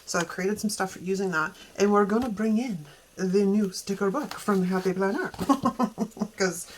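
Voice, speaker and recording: A woman's voice: medium pitch, a little slow, slight background noise. A young adult woman chatting casually as she plans, giggling and thinking aloud in a playful put-on accent. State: sore back. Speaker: planner vlogger. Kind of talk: casual plan-with-me chat.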